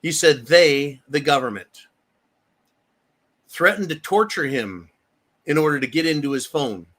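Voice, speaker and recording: Casting: slightly high-voiced male host, angry profane political rant, hammering repeated lines. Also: lively intonation, a little slow, a bit bright. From United States. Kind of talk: heated political commentary.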